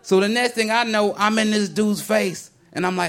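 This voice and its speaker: A man doing a stand-up comedy set in a club, telling a story animatedly and acting out the people in it. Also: normal speed. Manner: animated storytelling, acting out characters, swinging pitch. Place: comedy club stage with a laughing audience. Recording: live club recording with crowd laughter and noise.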